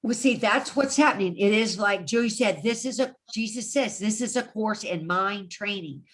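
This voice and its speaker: A woman's voice: medium pitch, normal speed, slight background noise. A woman leading an online study group on a video call, chatty and encouraging, laughing often. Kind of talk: casual online group discussion.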